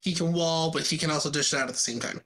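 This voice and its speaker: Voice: mid-range voice, rapid-fire, a bit bright, a little hiss or hum. A podcast co-host in casual gaming chat, jokey and laughing often.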